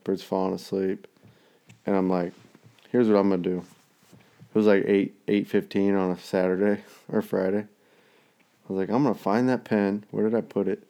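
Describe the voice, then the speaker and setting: Low-voiced guy, dark mellow tone, swearing his way through a rambling story. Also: clear, resonant tone. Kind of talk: casual chat.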